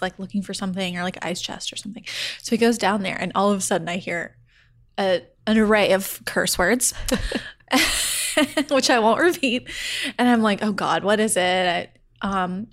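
A woman co-hosting a podcast, telling an animated story with quick asides. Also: medium pitch. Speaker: podcast co-host. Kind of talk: casual chat.

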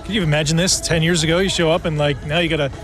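A man's voice: on the high side, fairly even intonation, rapid-fire, over music. A male local news reporter describing an event and interviewing a guest in a conversational way, with frequent filler words.

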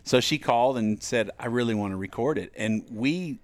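On a podcast, a man who is the guest musician recounts stories energetically, voicing the people in them. He speaks at normal speed with a medium pitch.

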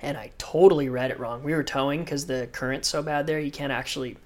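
A man, a professional surfer, telling animated stories full of surf slang as a podcast guest. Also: mid-range voice, quick pace. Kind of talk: podcast interview storytelling.

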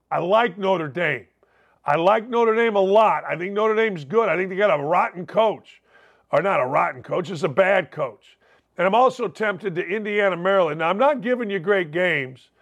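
Male sports talk host, high pitch, brash rambling monologue. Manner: brash, rambling, punchy asides.

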